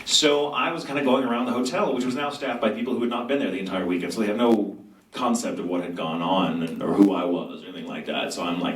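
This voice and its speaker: A man with a fairly low voice answers fan questions at a convention panel. He is animated and self-mocking, and he acts out quotes as he tells stories. The sound is roomy and distant, as if captured from the back of a big hall. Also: quick pace. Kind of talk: storytelling Q&A panel. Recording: echoey convention hall from far off.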